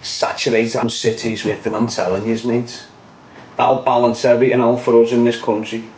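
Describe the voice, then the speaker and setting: A man's voice: mid-range voice, flat delivery, moderate pace, a little mellow, a little hiss or hum, low-quality recording. A young man with a Liverpool accent, ranting opinions on his online show in a casual, repetitive way, ending lines with "mate". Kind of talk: casual livestream rant.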